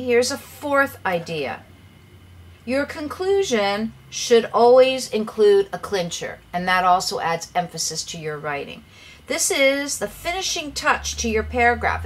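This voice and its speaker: A woman teaching English writing in a clear, measured lesson, giving direct advice to the viewer. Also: a little high, fairly bright tone. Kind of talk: lesson explaining writing tips.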